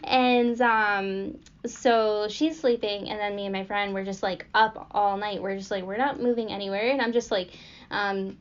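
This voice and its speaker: A young woman hosts a podcast, casually telling a story full of fillers and little giggles as she rambles. Her medium-pitched voice is clean in tone, with fairly even intonation and a normal speed, though the recording itself sounds dull and lo-fi.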